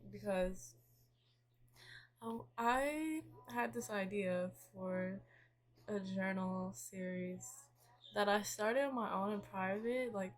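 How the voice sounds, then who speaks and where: A young woman at home venting to her camera in a casual, confessional way, soft and halting, a little emotional, with many pauses while she does her nails. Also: medium pitch. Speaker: vlogger. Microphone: camera set up nearby.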